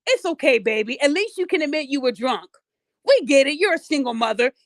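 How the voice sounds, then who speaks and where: A woman voicing sympathizers in a lowered, mock-soothing, sarcastic tone. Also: animated, brisk, dry recording, clean studio sound. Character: cooing, condescending sympathizers of either sex.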